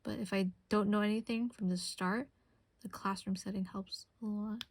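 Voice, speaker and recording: A woman's voice: medium pitch, steady tone, moderate pace, husky. A young woman streamer chatting casually and rambling while she crafts, answering her chat.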